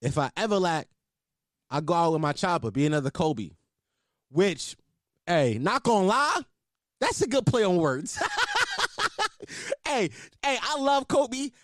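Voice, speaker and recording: A man's voice: high voice, unhurried, pauses often, dry recording, studio quality. A young man hosting a podcast, riffing in loose, profane, laughing comic commentary. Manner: animated, profane, laughing riffs. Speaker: podcast host. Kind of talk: casual comedic commentary.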